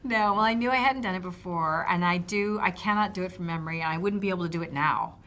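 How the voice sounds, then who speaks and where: A woman's voice: on the low side, fast talker, fairly bright tone, a little hiss or hum. An American woman in a casual press interview, chatty and laughing easily. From United States. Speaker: actress, interviewee.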